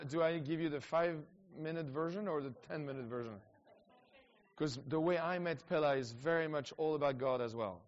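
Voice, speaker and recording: A man's voice: a little high, moderate pace, slight background noise. Guy, middle aged, rambling story chat, lots of restarts, kinda muffled lo-fi sound. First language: French. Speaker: evangelist guest. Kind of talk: casual storytelling talk.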